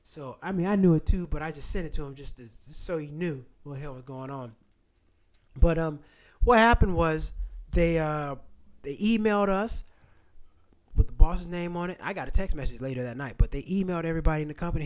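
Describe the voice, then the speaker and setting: A man's voice: fairly high pitch, fairly quick. A man hosting a casual livestream, talking bluntly and with lots of profanity. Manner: blunt, profane, animated storytelling. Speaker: channel host.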